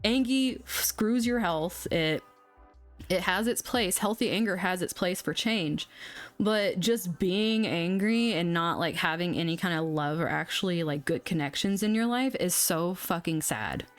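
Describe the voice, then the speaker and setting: A woman's voice: lowish voice, lively intonation, unhurried, soft background music. A young woman hosting an astrology livestream, chatting bluntly and casually, swearing now and then. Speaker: astrology channel host.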